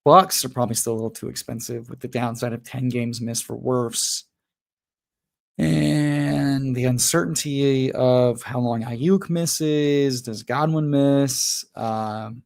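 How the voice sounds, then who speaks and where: With a gravelly mid-range voice, a man hosting a fantasy football livestream launches into a profane, exasperated rant. Afterward he settles into casual chat with his viewers.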